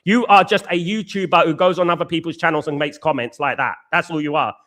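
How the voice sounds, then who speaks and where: A fast-talking man with a fairly bright, higher voice hosts a live football fan reaction stream. He reads viewer comments aloud and rants with passion, swearing and repeating his points. He speaks straight to the chat, calling them guys and mate.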